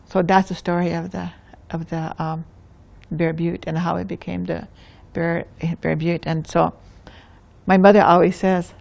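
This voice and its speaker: A woman with a Lakota accent telling a traditional tale in an unhurried way, often restarting phrases. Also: lowish voice, little pitch movement, gravelly, a little mellow. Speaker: storyteller. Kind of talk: oral storytelling.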